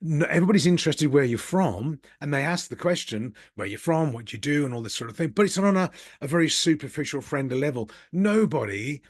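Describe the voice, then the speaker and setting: Middle-aged Brummie host musing to camera, candid and self-deprecating, close dry sound. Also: male voice, a little high, lively intonation, brisk, no echo. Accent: Birmingham. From Birmingham, England. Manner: candid, rambling, self-deprecating, with occasional chuckles. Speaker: business coach and channel host. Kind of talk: casual reflective monologue.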